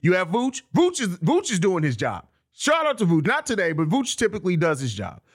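A man co-hosting a casual sports podcast, speaking in a measured, laid-back way. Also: high voice, huge pitch swings.

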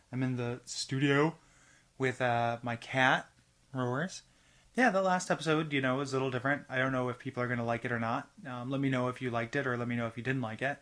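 A young adult man hosts his podcast alone in a home studio. His voice sits in an ordinary middle pitch. He talks in a loose, halting way, with lots of fillers and restarts. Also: fairly bright tone. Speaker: podcast host. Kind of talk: casual solo podcast monologue.

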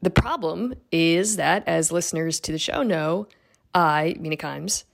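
A woman's voice: deep voice, a little slow, creaky. A woman and radio show regular giving a chatty, self-deprecating tribute. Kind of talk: casual heartfelt tribute.

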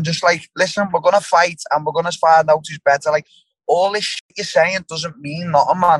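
A man's voice: on the high side, steady tone, brisk, fairly bright tone, no echo, low-quality recording. A young English man, a fighter, chatting bluntly in an interview, swearing freely and stumbling over repeated words. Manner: casual, blunt, swearing, lots of restarts and fillers. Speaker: fighter, guest. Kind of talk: casual interview chat.

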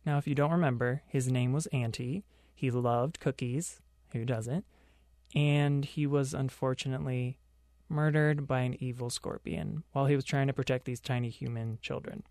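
A man's voice: mid-range voice, steady tone, normal speed, a little mellow, no room sound, clean studio sound. A young man hosting a pop culture podcast on his own, delivering sarcastic commentary full of joking asides. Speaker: podcast host.

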